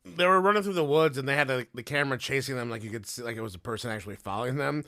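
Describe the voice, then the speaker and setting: A man co-hosting a podcast, animated and profane, laughing often. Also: mid-range voice, racing, no room sound, clean studio sound. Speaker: podcast co-host. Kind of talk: casual chat.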